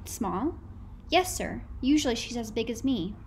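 A woman reading aloud gives voice to a plainspoken young boy on the witness stand. He answers slowly and carefully, earnest and polite, in a fairly high voice over faint background noise. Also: animated, a little mellow. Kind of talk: audiobook dialogue.

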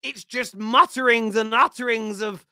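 A man's voice: extremely high pitch, measured pace, pushed and bright, no room sound, clean studio sound. A man hosting a football reaction show, mocking the clips and laughing often. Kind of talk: casual reaction chat.

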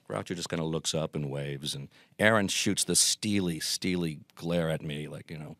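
A middle-aged man with a low, deep voice spins anecdotes as an interview guest. He acts out the quotes with lively energy. The sound is dry and close. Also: normal speed, dry recording. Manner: animated anecdotes with acted quotes. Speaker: guest, Groucho performer. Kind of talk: storytelling interview.

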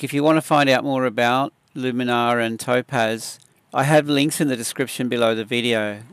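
A man giving a relaxed, conversational photo-editing tutorial, talking through each step with small fillers. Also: medium pitch, clear, resonant tone, no echo. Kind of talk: casual software tutorial.

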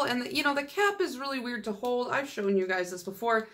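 A woman's voice: fairly high pitch, animated, fairly quick, fairly bright tone. A young woman hosting a nail polish channel, chatting casually and teasing herself with playful exaggeration. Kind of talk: casual vlog chat.

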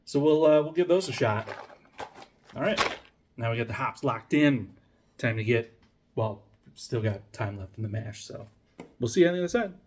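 A man's voice: medium pitch, normal speed, long pauses, a little mellow, a little hiss or hum. A man casually vlogging his home brew day, rambling and playful, thinking aloud with many fillers. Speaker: homebrewing vlogger. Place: home brewery in Denmark during a heat wave.

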